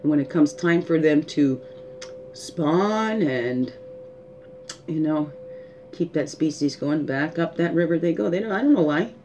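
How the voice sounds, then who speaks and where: A woman hosting a spiritual guidance talk, musing aloud and asking rhetorical questions, often tagging "right?" and a soft "hmm". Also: deep voice, measured pace, pauses often, muffled recording, slight background noise. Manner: musing, asks rhetorical questions, adds 'right?' and 'hmm'. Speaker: spiritual guidance show host.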